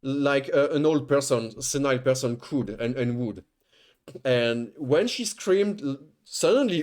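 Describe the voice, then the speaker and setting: Man, streamer, casual storytelling, animated, restarts, swearing. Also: medium pitch, measured pace.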